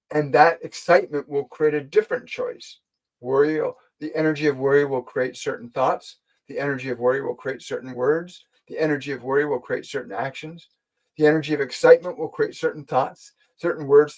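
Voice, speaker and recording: The audio is poor, and the man's voice sits on the high side. A spiritual teacher hosting his channel's live stream, he addresses viewers directly and gently, answers what they ask, and earnestly repeats key phrases to drive them home.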